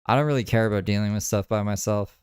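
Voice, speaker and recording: A man's voice: on the low side, fast, a little mellow, clean tone, dry recording, clean studio sound. A man hosting a podcast, rambling in crude, casual commentary with lots of filler words. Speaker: podcast host.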